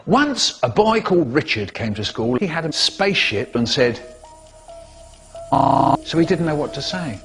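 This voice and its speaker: A man's voice: a little high, sing-song, moderate pace, few pauses, music in the background. A man telling stories in a playful, theatrical way, with sudden swings in his voice. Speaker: storyteller. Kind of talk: animated storytelling, cut into spliced comedy clips.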